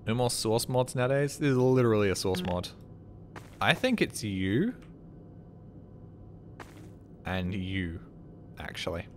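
A man's voice: fairly low pitch, very animated, normal speed, a little hiss or hum. A man streaming a game, talking casually and at length in a rambling, puzzled way, swearing freely as he plays. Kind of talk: casual live gameplay commentary.

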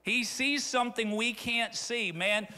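A man's voice: very high-pitched, measured pace, bright, forceful tone, clear, resonant tone. A middle-aged man from rural Arkansas, preaching a conversational sermon that rises into fervent appeals. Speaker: pastor.

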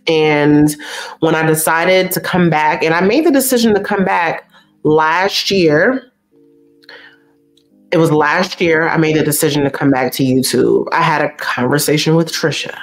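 A young woman chats on her livestream in a low voice, effusive and looping back on her own phrases. Faint music plays quietly behind her. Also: measured pace. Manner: chatty, effusive, repeats herself. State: teary, stuffy nose. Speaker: YouTube host reading live chat. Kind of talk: casual livestream chat.

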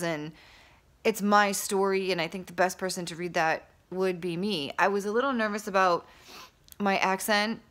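A woman talking candidly to camera in a casual vlog, rambling with fillers and restarts, openly excited. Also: medium pitch, normal speed. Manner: excited and enthusiastic. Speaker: vlogger and author.

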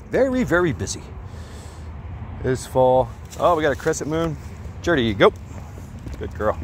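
A man's voice: fairly high pitch, big pitch swings, slow, pauses often, slight background noise. A man vlogging while walking his dog outdoors at night, telling a story in a rambling way with lots of fillers and restarts.

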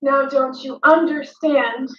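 Woman doing a high, bright ranting influencer. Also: fairly even intonation, slow pace, recorded from a distance. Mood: defiant. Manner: emotional, repetitive ranting with swearing. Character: dramatic adult female influencer ranting at critics. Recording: dull, echoey room, mic set back.

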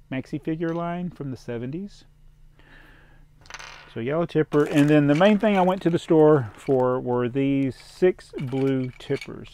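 A man's voice: fairly high pitch, darkish tone, dry recording. A man chatting casually as he unboxes toy parts, rambling and chuckling while he thinks aloud. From American South. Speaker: toy collector vlogger.

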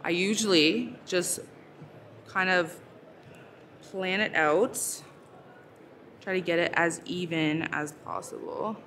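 Chatty woman with a bright voice. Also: on the low side, slow pace, pauses often, a little hiss or hum. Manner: chatty, lots of fillers, talking while crafting. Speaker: ASMR creator. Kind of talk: casual live-stream chat. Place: busy convention hall.

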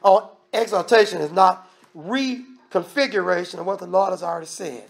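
This minister's sermon comes at normal speed in a gravelly, high-sitting voice. He keeps it emphatic and conversational, varying his volume and often starting sentences over.

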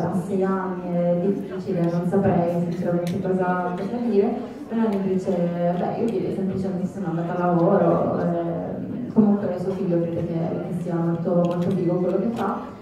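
A woman's voice: on the low side, flat delivery, warm tone. Woman interpreting in an echoey hall. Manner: measured, hesitant, with fillers. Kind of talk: consecutive interpreting. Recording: echoey convention hall from far off, crowd noise.

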